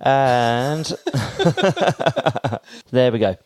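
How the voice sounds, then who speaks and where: A man's voice: fairly low pitch, a little fast, no room sound. A man co-hosting a podcast, chatting casually and jokingly as he reads entertainment news from his notes. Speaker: podcast co-host. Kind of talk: casual chat.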